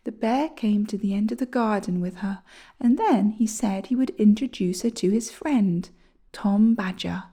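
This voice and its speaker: A woman reading a children's storybook aloud, gentle and often near a whisper. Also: medium pitch, moderate pace, husky.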